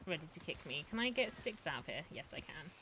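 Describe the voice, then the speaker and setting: A young woman streaming live, giving casual, excitable, profane commentary on her game and talking to her chat. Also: low-pitched, fast, background noise.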